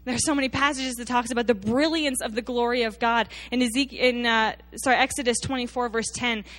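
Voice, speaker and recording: Here a woman preacher speaks to her church in a somewhat high voice with fairly even intonation and a slightly quick pace. She retells scripture through emphatic storytelling, occasionally dropping to a quiet, intense delivery.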